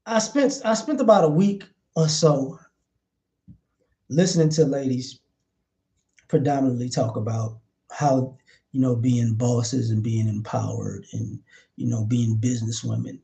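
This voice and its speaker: A man's voice: mid-range voice, unhurried, vocal fry, long pauses, dark tone. A man giving opinionated commentary in a vlog, blunt and profane, hammering his points with repeated phrases.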